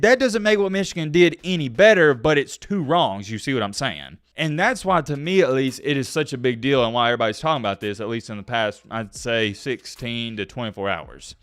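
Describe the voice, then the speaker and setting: A young man hosting a casual sports commentary vlog, animated and emphatic, punching key words out slowly. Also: a little high, no echo, clean studio sound.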